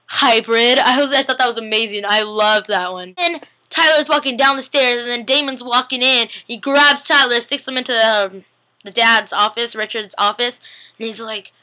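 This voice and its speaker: A young woman vlogger casually recapping a TV episode, chatty and giggly, acting out the characters' lines in quick voices. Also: a little high, bright, forceful tone, rough recording. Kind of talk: casual chat.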